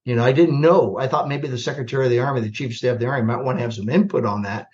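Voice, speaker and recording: Animated older man telling army stories. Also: mid-range voice, rapid-fire. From United States. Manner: animated, self-deprecating, acts out dialogue. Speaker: podcast guest, retired army general. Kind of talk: storytelling in a podcast interview. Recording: slightly dull lo-fi podcast audio.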